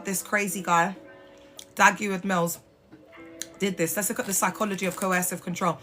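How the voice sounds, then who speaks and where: A woman speaks straight into her phone on a live stream, blunt and sassy, cursing as she goes. Her voice is bright and tense, with a little music playing faintly behind her. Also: on the low side. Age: adult mother. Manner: blunt, sassy, swears freely. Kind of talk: casual live stream talk.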